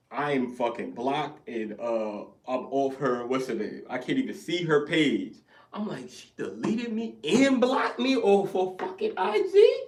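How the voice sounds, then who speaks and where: Brief: young man, casual podcast storyteller, animated and profane, a bit off-mic in a roomy space. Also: mid-range voice, recorded from a distance. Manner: animated, profane, acts out both sides of arguments. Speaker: podcast co-host. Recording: echoey room, off-mic.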